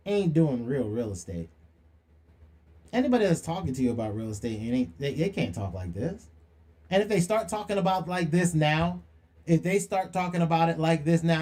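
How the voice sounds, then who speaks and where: A man's voice: fairly high pitch, big pitch swings, normal speed, mellow. A young man hosting a livestream monologue, preachy and slangy, firing rhetorical questions and calling people out. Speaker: livestream host.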